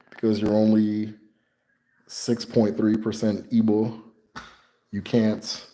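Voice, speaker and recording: Easygoing, swearing male livestream host; dark, mellow voice, echoey room. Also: fairly low pitch. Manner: laid-back, profane, laughing, rambling. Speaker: host of a spirituality channel. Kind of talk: casual live Q&A chat.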